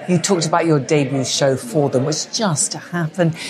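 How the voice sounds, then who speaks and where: A woman's voice: low voice, normal speed, crowd noise. A woman interviewer asking brief, direct questions.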